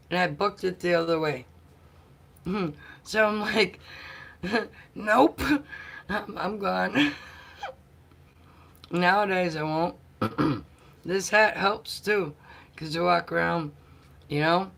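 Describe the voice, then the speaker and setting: A woman chats with her viewers in an unhurried, easygoing way. Her voice is gravelly and bright, and she tells stories at a slow pace. She often clears her throat between thoughts. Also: lowish voice. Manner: chatty, storytelling, often clears throat and laughs. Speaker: vlogger chatting with viewers. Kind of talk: casual live chat.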